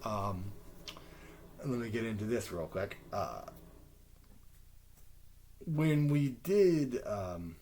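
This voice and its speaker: A man's voice: fairly low pitch, very slow, long pauses. A man, telling a story casually on a podcast, rambling and swearing, acting out the people he quotes. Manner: rambling, swears often, animated retelling with quoted voices. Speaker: podcast host.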